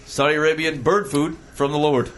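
Man, quiz host, playful, punning, slightly higher voice. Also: little pitch movement, slight background noise. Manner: jokey, quick asides, laughs at own puns. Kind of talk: playful radio quiz banter.

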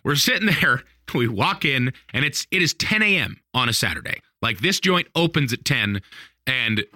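A married man casually telling a funny story on a podcast, animated, laughing often, with plenty of fillers. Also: medium pitch, moderate pace, no echo, studio quality. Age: adult, married. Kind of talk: casual chat.

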